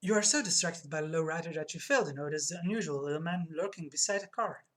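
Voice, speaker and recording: A woman streaming a video game, reading its text aloud with soft muttered asides. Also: low-pitched, fast talker.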